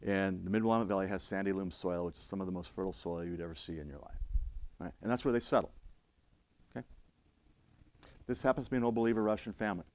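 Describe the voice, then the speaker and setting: Low-voiced older man telling a story. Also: quick pace, pauses often. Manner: emphatic, with frequent restarts and swings in loudness. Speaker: fire service instructor. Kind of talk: storytelling lecture.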